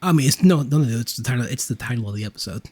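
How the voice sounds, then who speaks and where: A man hosts a casual podcast chat in a relaxed, slangy way and swears without thinking about it. He sounds sleepy, and his throat is sore. His voice sits at a middling pitch. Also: rapid-fire, slightly rough. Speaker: podcast host.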